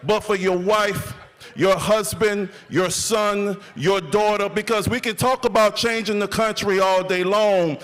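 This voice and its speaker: High-pitched man hyping a rally crowd. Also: fairly even intonation, a little slow, fairly bright tone, poor audio. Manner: preacherly call-and-response, rhythmic lists. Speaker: event warm-up speaker. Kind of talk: rally hype speech.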